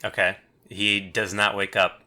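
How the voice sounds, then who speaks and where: A man's voice: on the low side, flat delivery, measured pace, pushed and bright. A man narrating a tabletop game as game master, casual and often laughing.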